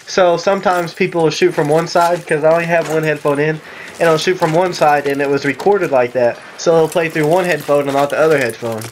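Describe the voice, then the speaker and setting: A man from the Southern US with a Southern accent, giving casual, rambling voice-over commentary on his own gameplay, excitable and jokey with sarcastic asides. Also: fairly high pitch, brisk, a little hiss or hum. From Southern United States. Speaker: gaming commentator.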